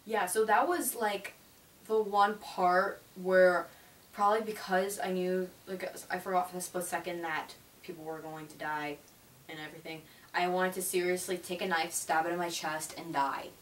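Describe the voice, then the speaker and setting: A woman's voice: fairly low pitch, steady tone, moderate pace. A teenage girl reviewing a movie in a chatty, gushing way, with lots of "like". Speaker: vlogger. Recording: roomy, distant mic, faint hiss.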